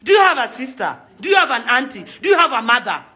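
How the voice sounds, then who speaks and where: A young Kenyan woman speaking in a fairly high, bright, tense voice. She rants angrily and with heavy emphasis, hammering the same points again and again. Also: big pitch swings, fast talker, lo-fi sound. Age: young adult. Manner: furious, emphatic, repeats her points. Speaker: socialite and event organizer. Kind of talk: angry video rant.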